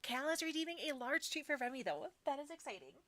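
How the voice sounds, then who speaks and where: A woman's voice: high-pitched, expressive, quick pace, a bit bright, no echo. A woman streaming casually, chatting and giggling while she sorts seeds and talks sweetly to her dog. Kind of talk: casual live-stream chat.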